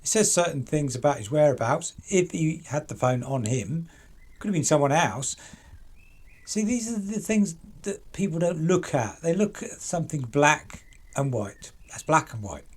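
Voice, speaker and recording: A man's voice: a little high, animated, normal speed, breathy edge. A man hosting a true crime channel, chatting casually and asking pointed rhetorical questions to people he talks about.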